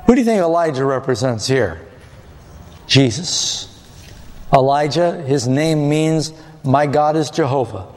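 A man's voice: mid-range voice, expressive, unhurried, long pauses, a little mellow. A man preaching a sermon who asks the audience questions and then answers them himself. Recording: long hall reverb.

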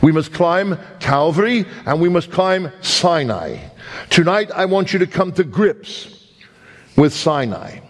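An older man from New York preaching a sermon, emphatic and deliberate, slowing down on key phrases and then rushing through asides. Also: fairly high pitch, animated. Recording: long reverb of a large hall.

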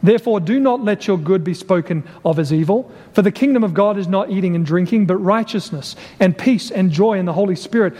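A man preaching a sermon, deliberate and emphatic, repeating key phrases and asking rhetorical questions. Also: high voice, dark tone. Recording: long hall reverb.

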